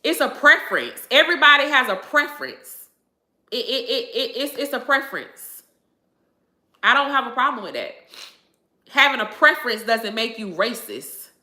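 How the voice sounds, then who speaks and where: A woman, chatting on a livestream with a bright, forceful voice that sits a little high. She talks emphatically, circling back over the same phrases. The sound comes from an echoey room. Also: big pitch swings, moderate pace. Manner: emphatic, repeats phrases, laughs often. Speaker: livestream host answering viewers. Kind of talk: casual livestream chat.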